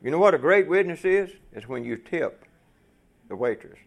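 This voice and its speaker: A man's voice: fairly high pitch, lively intonation, moderate pace, vocal fry. A man preaching a folksy sermon to fellow truckers, asking the room rhetorical questions.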